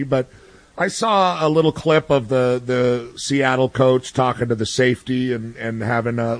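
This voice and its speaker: A man's voice: medium pitch, no room sound. Blunt rambling man, dry close sound. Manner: blunt, ranting, many restarts and fillers. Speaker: sports commentator guest. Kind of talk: casual opinion talk.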